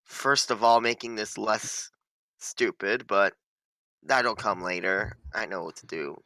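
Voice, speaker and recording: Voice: medium pitch, a little slow, sharp tone, no room sound, rough recording. A player in an online tabletop game, chatting casually with stammering restarts and giggles. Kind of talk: casual tabletop play chat.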